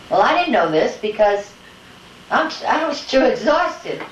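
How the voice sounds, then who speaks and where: An older woman being interviewed at home, telling lively family anecdotes and acting out the voices of her family. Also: on the high side, a little slow. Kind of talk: casual storytelling at home. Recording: echoey room, distant mic, dull home-video sound with faint hiss.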